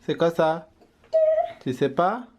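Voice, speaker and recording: A man's voice: on the high side, animated, takes it slowly, very noisy. A man from France patiently quizzing and praising his toddler at home. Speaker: father.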